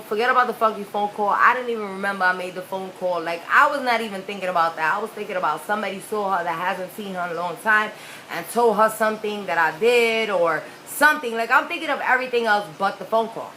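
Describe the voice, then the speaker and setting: A woman's voice: mid-range voice, pushed and bright, slight background noise, low-quality recording. A young adult woman telling a childhood story in a frank, casual, profane way. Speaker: vlogger.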